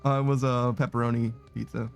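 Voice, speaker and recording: A man's voice: medium pitch, flat delivery, fast, creaky. Casual male streamer, easygoing and chatty, faint music underneath. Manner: laid-back, rambling, laughs often. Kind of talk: casual chat reading out chat messages.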